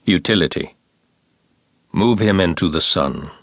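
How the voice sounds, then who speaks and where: A man reading war poetry aloud as an audiobook narrator, in a slow, measured and solemn recitation. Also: low voice, lively intonation, fairly bright tone, no room sound, studio quality.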